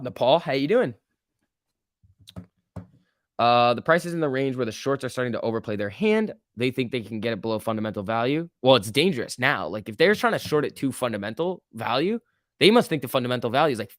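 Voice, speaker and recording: Animated man hosting a stock livestream. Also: mid-range voice, no room sound, clean studio sound. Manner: animated, talks to chat by name, slangy. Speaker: stock market livestream host. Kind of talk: casual livestream commentary.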